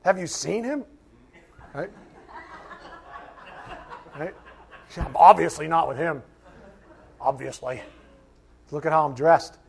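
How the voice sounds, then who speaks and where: Man preaching, somewhat high-pitched, joking asides, lively delivery. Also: takes it slowly, vocal fry, long pauses, slightly rough. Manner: animated, joking, shouts at times; conversational, self-mocking asides. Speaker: pastor. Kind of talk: sermon.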